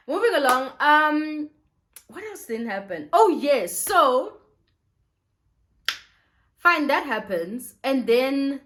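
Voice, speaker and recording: A woman's voice: fairly high pitch, fairly bright tone. A young woman telling a personal faith testimony to her viewers in a casual, emotional vlog style, often laughing as she talks. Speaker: vlogger.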